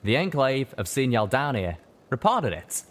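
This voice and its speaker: A man voicing a gruff, blunt cowboy pegasus stallion with a folksy drawl. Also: mid-range voice, very animated, normal speed, pitched above the performer's own voice. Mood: firm.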